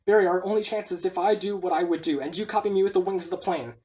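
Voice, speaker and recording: A woman's voice: lowish voice, quick pace, mellow, close to an everyday voice. Woman reading as a panicky young guy bee, urgent, rattling off lines. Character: panicky young male bee co-piloting a plane.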